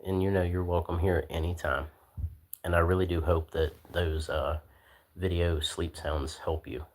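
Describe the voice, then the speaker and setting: A man hosting a casual livestream, talking in a laid-back, soft-spoken way with lots of fillers. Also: sits low, little pitch movement, moderate pace. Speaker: livestream host.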